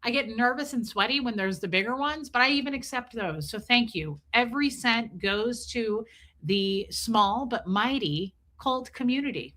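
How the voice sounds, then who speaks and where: A woman streaming live in a casual, blunt way, with swearing sprinkled through her chat. Her voice sits a little high and sounds bright and forceful. She talks straight to her viewers and thanks them as she goes. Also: lively intonation, normal speed. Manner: blunt, profane, chatty, reads and thanks viewers' super chats. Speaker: livestream host. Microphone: streaming mic.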